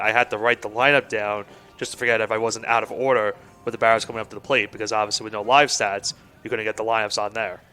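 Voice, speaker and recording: A man giving color commentary on a college baseball game in a relaxed, conversational way. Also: lowish voice, clean tone.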